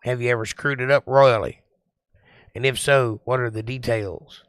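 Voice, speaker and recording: Male stream host, bright clear voice, deliberate sing-song delivery, dry close mic. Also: medium pitch, fairly even intonation, no room sound. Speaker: livestream host. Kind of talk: casual chat reading viewer comments.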